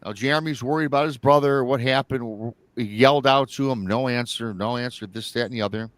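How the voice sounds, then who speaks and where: A man's voice: medium pitch, brisk, a bit bright, dry recording. A man hosting a live show, retelling a listener's story in a rambling, casual way and acting out the quoted lines. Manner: rambling, repeats himself, acts out quoted lines.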